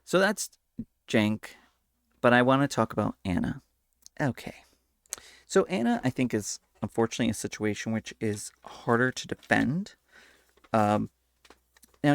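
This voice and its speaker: A commentary channel host of Hispanic Latino background runs a casual political video, speaking in a lowish, creaky voice. He talks animatedly and slips into mocking voices whenever he quotes people. The recording is dry with clean studio sound.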